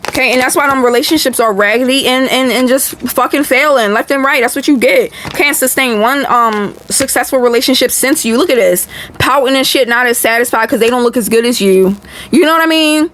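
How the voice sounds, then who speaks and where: A woman's voice: high-pitched, brisk, a bit bright, slight background noise. A woman doing a casual tarot reading for viewers, blunt and chatty, swearing freely and talking straight to her audience. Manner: blunt, profane, chatty, addresses viewers directly. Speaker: tarot reader.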